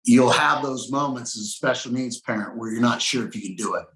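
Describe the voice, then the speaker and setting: Speaking fairly quickly in a mid-range, fairly bright voice, the middle-aged pastor shares his personal testimony as a guest in an interview. He tells it earnestly, quoting dialogue and changing pace, and the room adds an echo.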